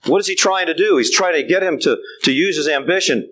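A man's voice: a little high, animated, fairly quick, sharp tone, a little hiss or hum, poor audio. An older man preaching a sermon, emphatic and repeating his refrains.

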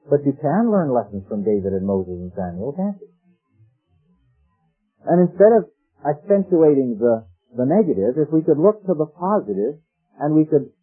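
A man delivers a sermon in an easy, conversational manner, quoting scripture and asking rhetorical questions. His voice is husky and sits at an ordinary pitch. It comes through a tinny, phone-like radio broadcast with faint music behind. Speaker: preacher.

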